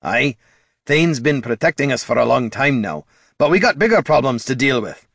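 A man's voice: mid-range voice, big pitch swings, normal speed, gravelly, fairly bright tone, no echo, clean studio sound, pitched above the performer's own voice, full character voice. A man voicing Gorm, a blunt, stubborn dwarf warrior who speaks in clipped, old-fashioned phrases. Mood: gruff. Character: gruff male dwarf hero, blunt and stubborn.

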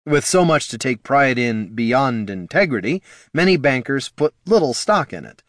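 A man narrating a fantasy story in an expressive storytelling way. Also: medium pitch, moderate pace, no room sound, studio quality. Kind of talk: audiobook narration.

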